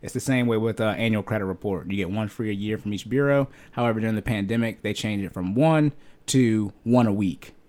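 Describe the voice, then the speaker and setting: A man's voice: on the low side, fairly quick, darkish tone. A young man co-hosting a podcast, chatting casually about money and fitness, loose and joking with frequent laughs. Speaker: podcast co-host. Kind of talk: casual chat.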